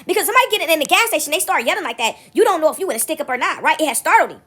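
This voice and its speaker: A woman vlogger telling a story in a casual monologue, emphatic and animated, often checking in with her listeners. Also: sits high, racing. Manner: animated, emphatic retelling with frequent "right?" asides.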